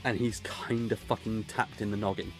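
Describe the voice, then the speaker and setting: A man's voice: fairly low pitch, little pitch movement, normal speed, faint music behind. A man from Gloucester, streaming and chatting in a sweary, rambling way. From England, Gloucester. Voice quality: sweary, rambling, laughs often. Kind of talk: casual chat while drawing.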